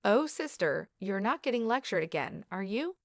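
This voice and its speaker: A woman reading as a smug teenage sister with a sneering, falsely sweet way of talking, taking digs at her older sibling. The voice sits at an ordinary middle pitch and sounds close and dry, with no room around it. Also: very animated, normal speed, no echo. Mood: mocking.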